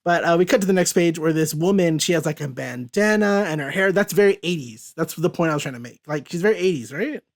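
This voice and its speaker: A man's voice: on the high side, expressive, fast, few pauses. A man hosting a casual comic book discussion show, chatty and upbeat. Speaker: podcast host.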